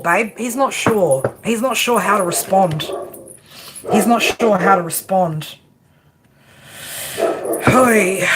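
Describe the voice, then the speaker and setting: A woman's voice: mid-range voice, very noisy. A woman giving a live tarot reading in a brash, chatty way, swearing freely and calling her viewer girl and baby. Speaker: tarot reader.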